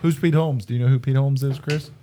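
A man's voice: medium pitch, steady tone, fast, warm tone, a little hiss or hum. A man hosting a casual podcast chat, upbeat and laughing often, swearing now and then. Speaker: podcast host.

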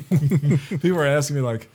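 A man's voice: fairly high pitch, unhurried, darkish tone, husky. A man hosting a casual podcast chat, upbeat and laughing often, swearing now and then. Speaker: podcast host.

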